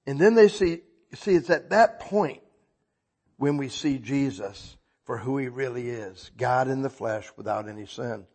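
A man preaching a sermon, talking conversationally and checking in with listeners, swinging between soft confessional passages and loud, emphatic bursts. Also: medium pitch, unhurried.

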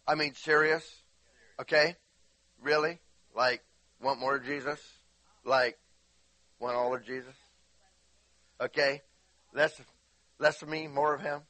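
A man's voice: a little high, sharp tone, dry recording. A man preaching a casual, rambling sermon to a church, often asking the congregation questions. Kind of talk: conversational sermon. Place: church sanctuary.

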